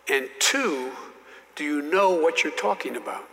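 A man's voice: medium pitch, expressive, measured pace, fairly bright tone, long reverb tail. A man in his seventies, a guest telling anecdotes in an interview, often repeating and restarting words. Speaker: interview guest, former politician. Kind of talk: anecdotal storytelling in conversation.

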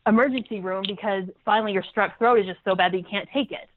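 A woman from Montana with a light Montana accent, chatting easily as an interview guest. She comes through a thin, phone-like line, her voice pitched in the middle for a woman. She talks loosely, with fillers and easy laughs. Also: fast talker. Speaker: state representative guest. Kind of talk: casual interview chat.

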